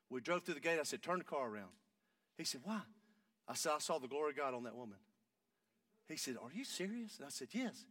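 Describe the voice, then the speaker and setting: A man, preaching a sermon and telling a story, going from hushed talk up to shouting. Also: on the high side, dry recording, far from the mic.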